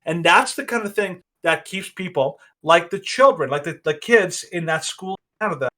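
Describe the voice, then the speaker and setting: A man's voice: sits high, animated, moderate pace, sharp tone. A man co-hosting a podcast, giving opinionated casual commentary that rambles with many restarts. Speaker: podcast co-host.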